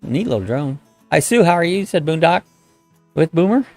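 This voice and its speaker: A man's voice: a little high, big pitch swings, moderate pace, darkish tone, faint music behind. A middle-aged man hosting a casual live chat, rambling in a folksy way and greeting viewers by name as he reads their comments. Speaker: host of a live chat stream.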